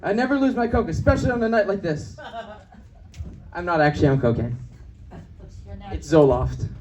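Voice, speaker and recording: High-voiced brash young stand-up comic. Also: male voice, far from the mic, noisy background. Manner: brash, fast-shifting, acts out voices of people in his stories. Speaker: stand-up comedian. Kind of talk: stand-up comedy set. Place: comedy club with live audience.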